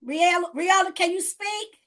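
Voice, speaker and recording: A woman's voice: very high-pitched, measured pace, pushed and bright. A woman hosting a group video call, energetically coaching and coaxing participants, repeating her phrases for emphasis. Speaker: host leading a group session.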